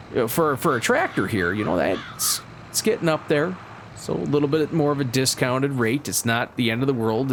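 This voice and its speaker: Folksy, excitable male game host; mid-pitched, rambling role-play commentary over faint game ambience. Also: a little hiss or hum. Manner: folksy, excitable, lots of "you betcha"; chatty and rambling with frequent restarts. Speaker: gaming channel host.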